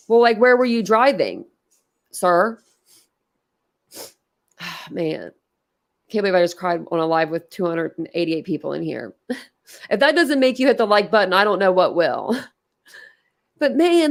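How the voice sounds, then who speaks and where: A woman's voice: fairly high pitch, lively intonation, a little slow, long pauses. A woman hosting a casual livestream, talking emotionally and bluntly, rambling and swearing as she reacts. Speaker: livestream host.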